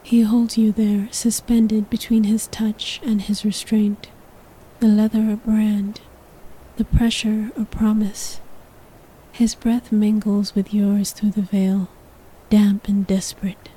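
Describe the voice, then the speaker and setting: A woman's voice: medium pitch, monotone, takes it slowly, mellow, husky, low-quality recording. A woman narrating a sensual story in the second person, in a whispered role-play.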